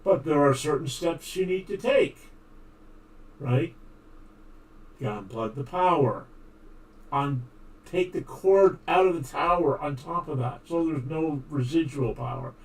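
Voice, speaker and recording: A man's voice: on the high side, a little mellow. Rambling man streamer, distant mic. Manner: rambling, talks to viewers as "guys". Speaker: game streamer. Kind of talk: casual stream chat. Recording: distant mic with faint noise.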